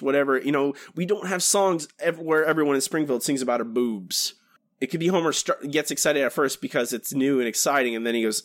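A man's voice: fairly high pitch, fairly quick, dry recording. Rambling male podcast co-host, dry sound. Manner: rambling, many restarts, animated. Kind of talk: casual podcast chat.

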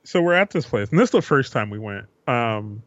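A man's voice: medium pitch, sing-song, fairly quick, fairly bright tone, dry recording, muffled recording. A man co-hosting a podcast, rambling through a profane, laid-back story in casual chat. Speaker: podcast co-host.

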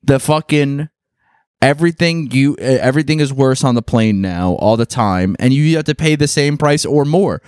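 A man's voice: mid-range voice, moderate pace, darkish tone, clean tone, dry recording, clean studio sound. A man co-hosting a casual podcast, rambling and swearing as he complains about things. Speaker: podcast co-host. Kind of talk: casual chat.

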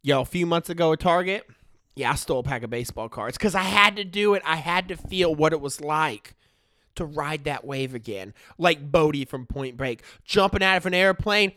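A man's voice: fairly high pitch, expressive, normal speed, pushed and bright, no echo, clean studio sound. A man in his thirties telling a comic story in a slangy way, checking in with the listener all the time. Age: 30s.

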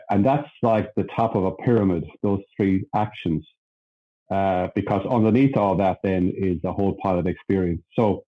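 An Irish man with a lowish voice talks through his story candidly, plainspoken and ready to laugh at himself. His audio comes through muffled and lo-fi, as if over a remote connection. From Ireland. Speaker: podcast guest.

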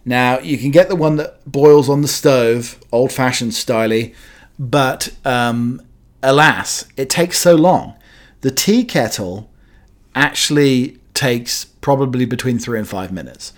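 A man's voice: mid-range voice, slow. Meandering British-born radio host, man. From Britain. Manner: meandering, hesitant with many fillers, playful asides. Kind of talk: chatty radio monologue.

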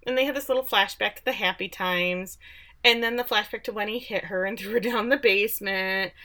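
A woman from Texas co-hosting a podcast, giving a sarcastic, animated recap of a show and acting out the quotes. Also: medium pitch, a little fast. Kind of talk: casual chat.

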